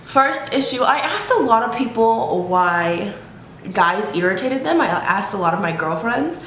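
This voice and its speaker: A woman chats casually to camera at home for her YouTube vlog, frank and profane and laughing often. Her mid-range voice is sing-song and fairly bright, and she speaks a little slowly. The room is echoey, with faint background hiss.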